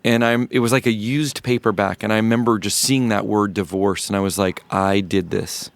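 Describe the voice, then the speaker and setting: A man in his fifties from rural North Florida, a musician guest telling a personal story in an interview, reflective and halting with many restarts. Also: fairly low pitch, steady tone, no echo. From rural North Florida, USA.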